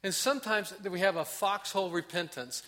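A man delivers a sermon with real conviction, voicing prayers as if speaking them himself. His voice sits high and rings bright. On key points he slows right down and softens. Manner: impassioned preaching, acts out prayers, drops to soft emphasis. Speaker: pastor.

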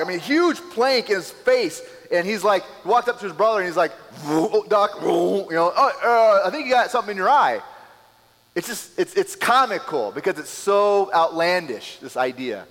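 A man preaching a sermon as a pastor, telling the scene in a lively way and acting out the people in it. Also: on the high side, long reverb tail. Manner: animated storytelling, acting out scenes.

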